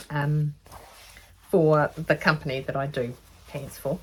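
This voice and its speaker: A woman's voice: low-pitched, steady tone, measured pace, creaky, slight background noise. An Australian woman chatting casually as she teaches sewing, rambling between topics. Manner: rambling, chatty, self-aware. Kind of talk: casual chatty tutorial vlog.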